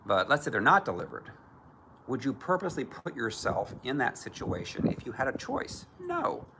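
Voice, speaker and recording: A man's voice: mid-range voice, big pitch swings, moderate pace, vocal fry, noisy background. A man preaching as a Christian minister, emphatic and often mocking others in put-on voices. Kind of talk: preaching to camera.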